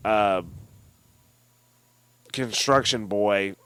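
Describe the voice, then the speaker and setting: Profane, animated man on a dry mic. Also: lowish voice, drawn-out words, smooth, dry recording. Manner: profane, animated, retells scenes in mocking voices. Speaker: podcast co-host. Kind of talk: casual film discussion.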